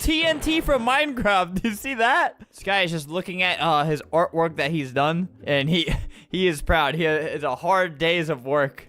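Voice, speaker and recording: A man's voice: high-pitched, expressive, a little slow, sharp tone, slight background noise. A young man commentating his own game stream, playful and laughing often. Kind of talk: gameplay commentary.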